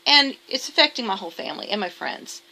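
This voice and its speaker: A woman's voice: mid-range voice, big pitch swings, quick pace, vocal fry, sharp tone. A woman talking casually to camera in a vlog, emphatic and defensive, rambling with restarts. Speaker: vlogger.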